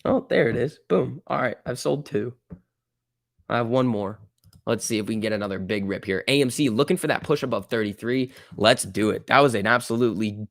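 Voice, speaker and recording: Man, livestream trading host, casual excited chatter, gravelly, dry close sound. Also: medium pitch, a little fast, no room sound. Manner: excitable, exclaiming at price moves, reading chat aloud. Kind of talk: casual live trading commentary.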